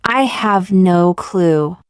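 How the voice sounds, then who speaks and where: A woman reading short example sentences one by one for English learners, in a slow, deliberate, evenly paced way. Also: lowish voice, smooth, dry recording, studio quality. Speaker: English teacher.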